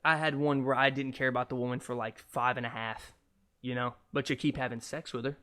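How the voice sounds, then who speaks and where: A man's voice: medium pitch, fairly quick. A young man hosting a solo podcast, ranting casually, with lots of swearing and jokes. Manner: profane, animated, jokey. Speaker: podcast host.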